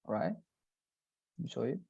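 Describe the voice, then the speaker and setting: In a muffled recording, a man with a mellow voice tutors English one-on-one over video. He stays patient, explaining slowly and filling his speech with fillers and restarts.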